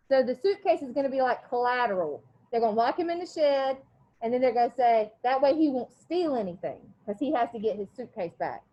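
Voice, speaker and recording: Woman, teacher, classroom read-aloud, high-pitched, very lively intonation, asks the class questions. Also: brisk, muffled recording. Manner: animated, quizzing students between passages.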